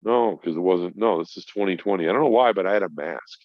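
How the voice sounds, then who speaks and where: A man's voice: deep voice, fast talker, dry recording. A middle-aged man, stoned, telling a rambling, profane story in casual chat as a podcast guest. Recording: dull lo-fi sound.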